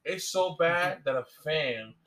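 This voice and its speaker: A man's voice: fairly high pitch, lively intonation, slow, fairly bright tone, slight background noise. Rambling man on a podcast. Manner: rambling, goes off on tangents. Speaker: podcast co-host. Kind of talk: casual podcast chat.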